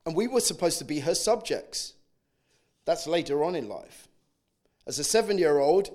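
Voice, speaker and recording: A man's voice: fairly high pitch, lively intonation, moderate pace, pauses often, a little mellow. A man in his eighties with a Jamaican accent, telling his life story and acting out chants and quotes between reflective asides. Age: 80s. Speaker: oral history narrator. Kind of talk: personal storytelling testimony.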